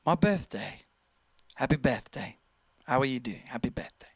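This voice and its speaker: Guy doing a posh british birthday voice, slow and pompous, swoopy. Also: mid-range voice, expressive, slightly rough, no echo, voice pushed down. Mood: mock-posh. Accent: posh British, put on. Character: posh British man gushing about his birthday.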